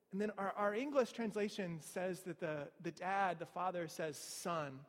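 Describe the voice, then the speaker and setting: High-voiced man preaching in a hall. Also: normal speed, few pauses. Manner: conversational, rhetorical asides. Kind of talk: sermon.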